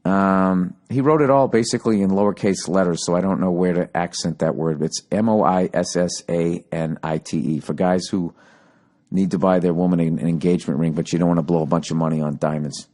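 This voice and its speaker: A man's voice: sits low, fairly even intonation, a little fast, darkish tone. Profane ranting podcast host, man. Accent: Boston. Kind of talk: casual solo podcast monologue, reading listener emails.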